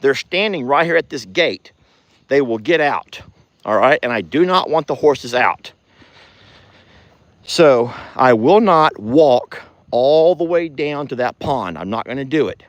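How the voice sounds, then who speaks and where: A man's voice: medium pitch, animated, slow, no echo. A man with a Southern US accent, chatting folksily to viewers in a casual outdoor ranch vlog. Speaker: ranch vlogger. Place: outdoors on a farm pasture.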